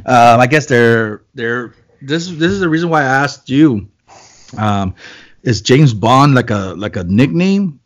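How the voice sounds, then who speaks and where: A man's voice: medium pitch, expressive, unhurried. A man chatting casually as a podcast co-host, loose and rambling, swearing and joking. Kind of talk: casual chat.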